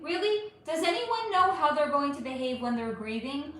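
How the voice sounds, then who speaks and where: A woman hosts a casual livestream, reading out viewer questions and answering them. Her voice sits high and swoops around a lot, and she talks straight to her viewers with plenty of emphasis. The sound bounces around a very echoey room. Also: very animated, normal speed, hardly any pauses.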